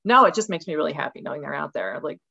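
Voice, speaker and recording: Woman guest, casual and animated, lower voice, lo-fi call audio. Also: racing, gravelly. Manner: animated, acts out voices with laughs. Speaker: guest author. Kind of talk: casual interview conversation. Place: rural home with dogs.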